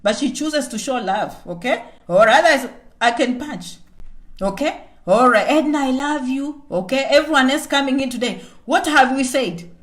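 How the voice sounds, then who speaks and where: A woman's voice: sits high, moderate pace. A woman from Kenya giving an emphatic motivational live-stream chat, often speaking of herself in the third person and checking in with "okay?". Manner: emphatic, repetitive, keeps asking "okay?". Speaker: vlogger.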